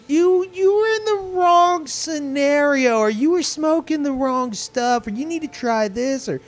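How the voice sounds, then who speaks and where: A man voicing a laid-back but insistent stoner buddy in a drawling stoner voice, pitched well above his own. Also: unhurried.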